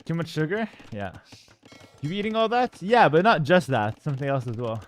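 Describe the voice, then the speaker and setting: A man's voice: on the high side, sing-song, moderate pace, slight background noise. A man casting a strategy game live on stream, out of breath and chatting casually with his viewers. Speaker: esports caster.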